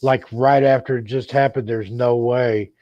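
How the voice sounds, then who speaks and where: A man's voice: mid-range voice, steady tone, normal speed, no echo, lo-fi sound. A man co-hosting a podcast, chatting casually and easily about ghost stories. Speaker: podcast co-host. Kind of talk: casual chat.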